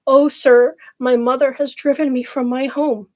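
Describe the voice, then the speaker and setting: A meek, kind young girl from a fairy tale, her lines lifted high and pleading, as a woman reads her part. The tone is soft and breathy. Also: big pitch swings, moderate pace, heavily acted.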